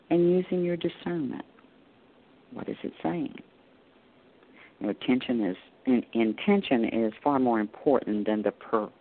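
A man giving a calm, unhurried meditation talk as a spiritual teacher, pausing between short phrases. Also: mid-range voice, creaky. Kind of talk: slow guided meditation talk. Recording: tinny phone-like line with faint hiss.

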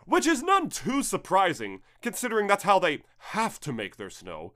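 Young dude cohost, voice goes up and down a lot, sweary, slow when he explains stuff. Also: high voice, huge pitch swings, bright, forceful tone. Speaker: podcast co-host. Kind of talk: casual chat.

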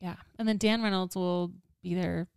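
A woman co-hosting a podcast in casual chat, excitable and quick with blunt jokes. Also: lowish voice, creaky, smooth, no room sound, studio quality. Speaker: podcast co-host.

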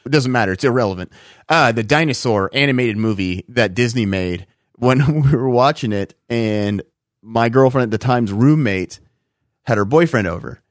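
A man's voice: medium pitch, moderate pace, no echo, clean studio sound. A man co-hosting a podcast, chatting casually in a blunt, profane, storytelling way. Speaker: podcast co-host. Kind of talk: casual chat.

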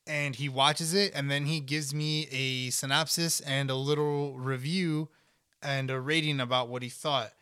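A young man hosts a casual podcast with a bright, crisp voice. He talks easily and jokes around. His tone stays smooth and forceful. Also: mid-range voice, measured pace, no room sound, studio quality. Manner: relaxed, joking, talkative. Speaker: podcast host. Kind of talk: casual chat.

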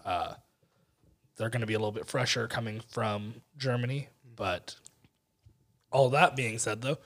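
A man's voice: medium pitch, steady tone, a little slow, fairly bright tone, husky. A man co-hosting a casual beer-tasting podcast, thinking aloud with fillers. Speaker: podcast co-host.

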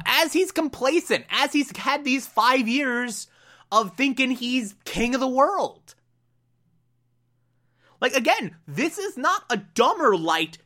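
An anime fan recaps an episode in a relaxed, chatty way. The voice is bright and forceful, and the delivery is unhurried and full of fillers. The speaker keeps slipping into quick impressions of the characters. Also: medium pitch. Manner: animated, fillers like "like" and "uh", acts out quotes. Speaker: anime reviewer. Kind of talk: casual episode breakdown.

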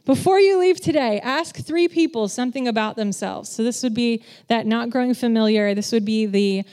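This woman, slightly high-voiced and moderately paced, gives an informal sermon drawing on her work in children's ministry. Honest and self-deprecating, she stays animated and imitates the voices she's quoting.

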